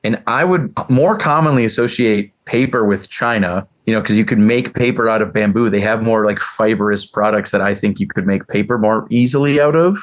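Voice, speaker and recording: A man's voice: on the low side, fairly quick, few pauses. A man co-hosting a casual discussion, arguing his point emphatically. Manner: emphatic, argumentative. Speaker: podcast co-host.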